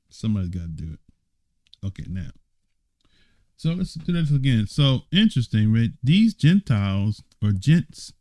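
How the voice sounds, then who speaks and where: A man's voice: fairly low pitch, a little mellow, dry recording. A man teaching a Bible study. He reads passages aloud and breaks off for teasing, mock-surprised asides with laughter.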